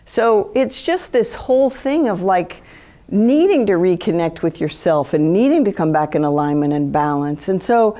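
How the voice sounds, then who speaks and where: Lively, chatty woman speaker, low voice. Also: moderate pace. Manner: animated, chatty, acts out quoted thoughts. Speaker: speaker giving a talk on empathy. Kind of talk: live talk to an audience.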